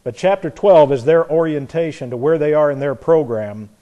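A man preaching a verse-by-verse Bible sermon, animated, acting out the voices in the stories and chuckling at his own points. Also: on the high side, moderate pace, lo-fi sound.

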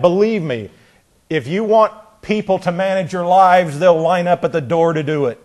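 A man's voice: high voice, darkish tone. Male Bible teacher, repeating and stressing. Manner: repeats words while searching, slows hard to stress key phrases. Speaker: preacher.

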